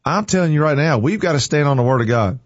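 A man's voice: fairly high pitch, expressive, fast talker, no room sound. Man, morning show host, folksy and preachy, dry dull lo-fi sound. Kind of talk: casual chat turning to preaching.

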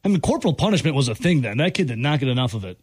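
A man's voice: medium pitch, sing-song, very fast, slightly rough, no echo. Blunt, joking man on sports radio. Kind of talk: sports talk radio banter. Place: radio studio. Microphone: studio mic.

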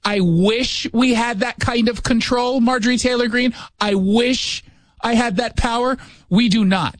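A man's voice: very high-pitched, steady tone, measured pace, no echo. A middle-aged man hosting a radio talk show in a studio, riffing sarcastically and interrupting himself with jokes. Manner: sarcastic, joking, self-interrupting. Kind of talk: casual political commentary.

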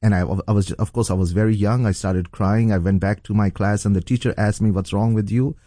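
A middle-aged pastor tells his testimony in an earnest, halting way, full of fillers and restarts. His voice sits low and mellow. The recording is dry, with no room echo. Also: steady tone. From Pakistan. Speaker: pastor and guest. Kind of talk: telling a personal testimony.

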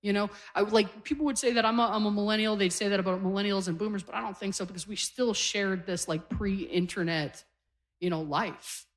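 A woman's voice: medium pitch, fairly even intonation, a little fast, long reverb tail. Canadian woman comic in her forties. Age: 40s. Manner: wry, conversational storytelling to a live crowd. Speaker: stand-up comedian. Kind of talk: stand-up comedy set. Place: comedy stage before a live audience. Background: audience laughter.

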